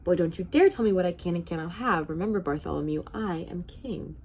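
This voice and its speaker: A woman's voice: lowish voice, animated, fairly quick, creaky, a little mellow, a little hiss or hum. A woman reading aloud, voicing an angry, demanding old king who bellows his commands. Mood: irritable.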